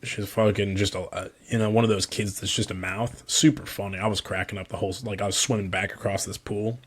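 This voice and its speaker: A man's voice: on the low side, little pitch movement, quick pace, slightly rough. A young man co-hosting a podcast, telling a rambling story in casual chat, full of "like" and swearing. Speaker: podcast co-host.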